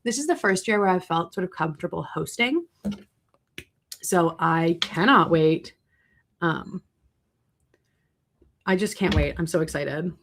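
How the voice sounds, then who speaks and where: A young adult woman hosting a casual livestream, answering viewer questions with chatty, animated storytelling and asides. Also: lowish voice, a little slow, long pauses, slight background noise.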